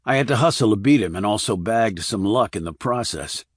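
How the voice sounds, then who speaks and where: A man reading the part of a calm, blunt male army investigator, terse and level. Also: lowish voice, a little fast, no room sound. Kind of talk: audiobook character reading.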